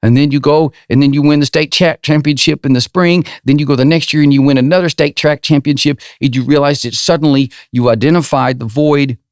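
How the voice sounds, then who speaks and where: A man's voice: on the high side, fairly even intonation, brisk, hardly any pauses, dry recording, clean studio sound. A middle-aged man hosting a podcast as a running coach, giving an emphatic, rambling motivational monologue full of tag questions like "right?".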